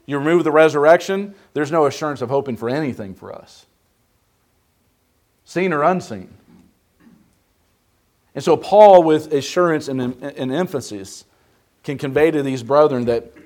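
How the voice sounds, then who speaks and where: A man leads a Bible class in a church classroom, his voice sitting a touch high. He preaches emphatically and keeps stopping to put questions to the class. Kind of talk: interactive Bible study sermon.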